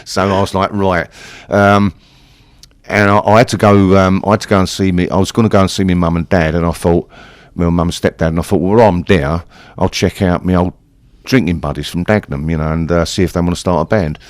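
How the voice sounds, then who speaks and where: In a casual storytelling interview, a punk singer in his sixties chats his way through meandering, sweary anecdotes in an East London accent. He speaks briskly in a deep voice with fairly even intonation, and there's no echo.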